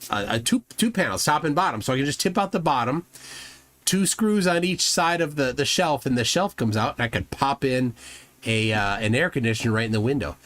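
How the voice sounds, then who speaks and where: A man hosting a casual reaction show, sarcastic and quick to laugh loudly at what he watches. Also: mid-range voice, animated, no room sound. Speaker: host reacting to videos. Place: home room with a fan running.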